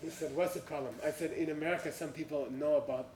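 Over a noisy crowd, a fast-talking man with a slightly high, fairly even voice shares an anecdotal story with an audience in non-native English. He chuckles through the punchlines and leans on "you know" and "uh," recorded from a distance in a roomy space.

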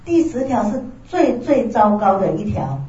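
A woman interpreting a talk phrase by phrase, quick and plain, echoing the speaker's tone. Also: medium pitch, very animated, warm tone. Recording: distant, roomy, dull lo-fi sound with faint ambience.

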